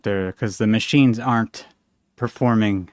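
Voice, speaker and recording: A man joining a casual conversation, speaking in halting, broken sentences. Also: lowish voice, darkish tone, no room sound, studio quality.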